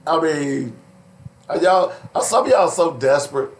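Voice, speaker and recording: A man hosting a call-in radio show in a studio, loose and chatty, laughing often and filling pauses with "uh". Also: fairly high pitch, expressive. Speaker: radio talk show host. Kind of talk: casual call-in radio talk. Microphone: studio microphone.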